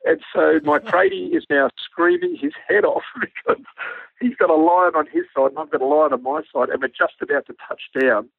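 A man with an Australian accent, a former army pilot, telling a lively anecdote and acting out the dialogue. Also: fairly high pitch, moderate pace, creaky, slightly rough, dry recording. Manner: animated yarn-spinning, acts out quoted dialogue. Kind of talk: storytelling anecdote on radio. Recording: narrow phone-like radio line, dry.

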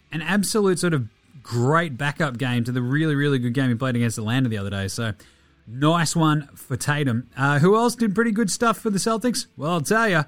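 A man hosting a daily sports podcast, talking fast and loose with swearing as he rattles off stats. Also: on the high side, dry recording. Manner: energetic, profane, rattling off stats. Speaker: podcast host.

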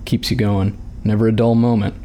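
A man's voice: on the low side, little pitch movement, normal speed, mellow, slight background noise, natural voice. A man reading aloud and voicing a blunt, plain-spoken farmer who welcomes guests with folksy talk. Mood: gruff.

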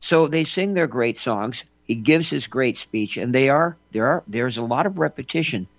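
A man's voice: medium pitch, animated, moderate pace, no room sound, dull audio. A man hosting a political radio talk show, emphatic with folksy asides.

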